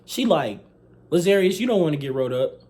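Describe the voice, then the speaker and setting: A young man, casually retelling a school story, animated, slangy and profane. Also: on the high side, brisk. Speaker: vlogger telling a story.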